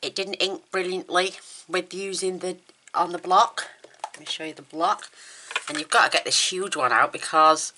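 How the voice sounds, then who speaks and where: A woman's voice: fairly low pitch, normal speed, pushed and bright, slight background noise. A woman demonstrating a papercraft card in a chatty, enthusiastic, rambling way, with her mouth numb from the dentist. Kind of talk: casual crafting tutorial.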